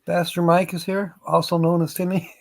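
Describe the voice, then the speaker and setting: A man hosting a live stream, chatting casually with viewers in a slow, rambling way and chuckling between lines. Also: high voice, level tone, gravelly.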